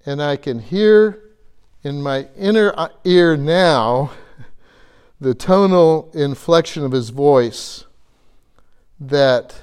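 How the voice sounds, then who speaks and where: A man's voice: on the high side, extremely slow, long pauses, darkish tone, clear, resonant tone. A man preaching a conversational sermon, earnest, asking his listeners questions and repeating phrases for emphasis.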